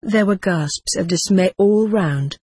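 Husky woman reading a memoir. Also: mid-range voice, dry recording. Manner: measured, steady storytelling. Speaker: narrator.

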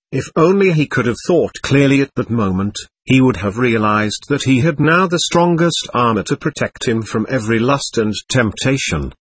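A man narrating a novel as an audiobook in a measured, expressive storytelling manner. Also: mid-range voice, slightly rough. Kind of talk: scripted narration.

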